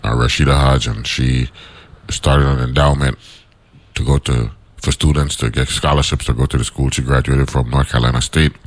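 A man from St. Croix hosting an interview, speaking in a measured, halting way and repeating words as he gathers his thoughts. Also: a bass voice, flat delivery. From St. Croix, US Virgin Islands. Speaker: interview host. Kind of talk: casual interview chat.

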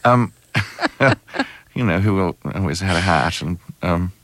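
A man's voice: sits low, takes it slowly, no room sound. A middle-aged English man with a British accent, an actor interviewed on radio, telling stories with frequent ums and hesitations. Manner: anecdotal, hesitant with many ums, animated storytelling.

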